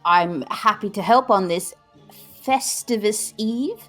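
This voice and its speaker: A woman player at a tabletop game, talking in a playful, expressive way. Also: mid-range voice, slow pace, faint music behind. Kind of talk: casual play at a tabletop game.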